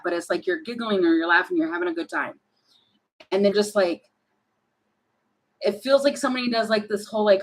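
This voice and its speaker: Tarot lady reading cards out loud, lots of "like" and "um", talking it through as she goes. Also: mid-range voice, normal speed, pauses often, poor audio. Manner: animated, thinking aloud with many fillers. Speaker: tarot reader.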